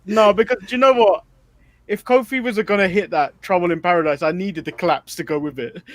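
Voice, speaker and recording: A man's voice: high voice, fairly even intonation, a little fast, fairly bright tone. A man hosting a wrestling podcast in casual chat, leading the recap with wry, critical remarks.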